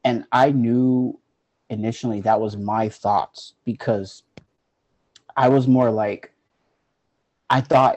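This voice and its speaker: A man's voice: lowish voice, steady tone, unhurried, darkish tone. A man telling a personal story in a loose, casual way, with lots of "like" fillers. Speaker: guest.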